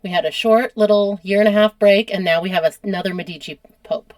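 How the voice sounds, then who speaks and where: An American woman hosting a casual history podcast, chatty and quick to laugh at herself. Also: medium pitch, steady tone, darkish tone, dry recording. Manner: chatty, laughs often, self-deprecating. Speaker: podcast host.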